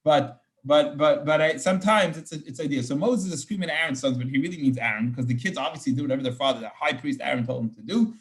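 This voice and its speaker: A man's voice: medium pitch, fast talker, few pauses. A man, a rabbi, teaching an informal Torah class, explaining verses with Hebrew terms and frequent restarts.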